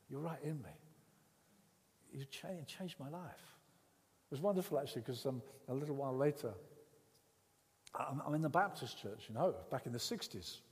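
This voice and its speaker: An older man from England preaching a sermon, telling his own story with repeated words and swings between loud and hushed speech. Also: medium pitch, big-room sound. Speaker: pastor. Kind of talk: sermon with personal testimony.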